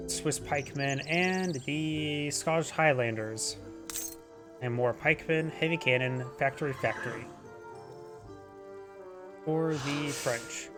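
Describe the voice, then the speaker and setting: A man casually commentating a strategy game replay, rambling and tripping over unit names. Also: mid-range voice.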